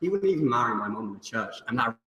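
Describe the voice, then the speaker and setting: A man's voice: medium pitch, very animated, rapid-fire, highs cut off, soft background music. Chatty young man in echoey hall. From England. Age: young adult. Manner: chatty, filler-heavy, teasing. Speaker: student debate speaker. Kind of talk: comic debate speech. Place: large debating hall. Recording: echoey hall, far mic, loud noise.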